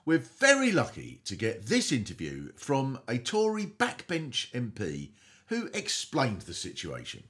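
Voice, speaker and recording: A man's voice: medium pitch, wildly swooping pitch, a little slow, fairly bright tone. A middle-aged man hosting a comedy podcast in a theatrical, mock-grand way. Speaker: podcast host.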